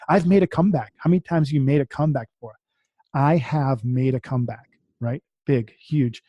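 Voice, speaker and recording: A man's voice: mid-range voice, brisk, dry recording, highs cut off. A man from the US East Coast, a podcast guest, talking casually and reading affirmations aloud, often repeating his words.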